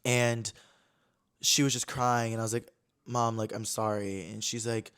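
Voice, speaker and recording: A man's voice: lowish voice, level tone, unhurried, fairly bright tone, smooth. A man in his twenties from Connecticut, hosting a podcast and telling a personal story in a candid, chatty way, often saying "like". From Connecticut, USA. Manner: candid, chatty, heavy use of "like". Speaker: podcast host. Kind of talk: casual storytelling chat.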